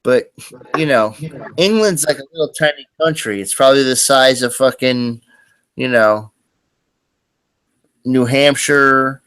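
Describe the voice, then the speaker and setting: A man's voice: mid-range voice, a bit bright, clean tone, no echo. Rambling man on a live stream. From US East Coast. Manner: rambling, halting, lots of fillers. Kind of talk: casual chat.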